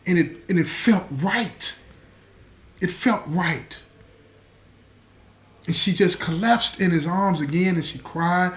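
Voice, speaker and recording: A man's voice: high-pitched, slow, pauses often. A man narrating a dramatic true-life story in a conversational way, with asides to the listener. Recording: echoey room.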